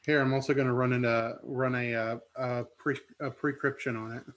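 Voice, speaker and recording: A man playing a tabletop game, talking haltingly as he works out his moves. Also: medium pitch, flat delivery. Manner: halting, thinks aloud with fillers. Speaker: player.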